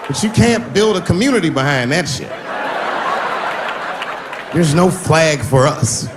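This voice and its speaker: A man's voice: on the high side, unhurried, over a noisy crowd, heavy background noise. A man doing stand-up comedy, telling stories and acting out the people in them. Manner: animated, switching voices for characters in stories. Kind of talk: stand-up storytelling. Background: audience laughter.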